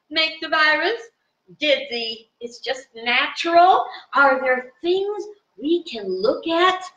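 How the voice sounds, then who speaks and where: A woman giving an informal live spiritual talk to viewers from her home in the country, chatty and animated, with fillers. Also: high voice. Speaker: spiritual teacher. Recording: dull, roomy sound from a distant mic.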